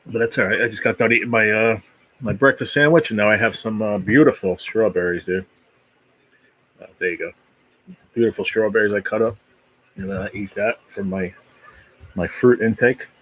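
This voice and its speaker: Husky, easygoing New man. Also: on the low side, steady tone, normal speed, pauses often, fairly bright tone, poor audio. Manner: rambling, easygoing, talks while eating. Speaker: livestream host. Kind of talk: casual live-stream chat.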